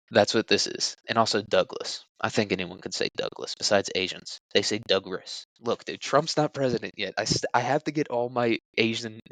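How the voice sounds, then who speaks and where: A man's voice: fairly low pitch, a bit bright, no echo, poor audio. A young man hosting a solo podcast, rambling crudely with jokes and lots of fillers. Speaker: podcast host. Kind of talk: casual solo podcast talk.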